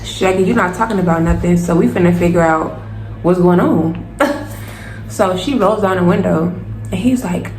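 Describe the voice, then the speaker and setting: A young woman telling a storytime to her viewers, animated and casual, addressing them directly. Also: fairly low pitch, fairly quick. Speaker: vlogger. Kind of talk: storytime vlog. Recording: roomy echo, faint noise.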